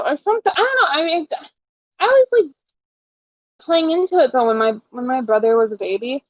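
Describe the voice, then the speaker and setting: Chatty high-voiced young woman podcaster. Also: normal speed, pauses often, no echo. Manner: chatty, animated retellings with many fillers. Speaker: podcast co-host. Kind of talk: casual chat. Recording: dull lo-fi podcast audio.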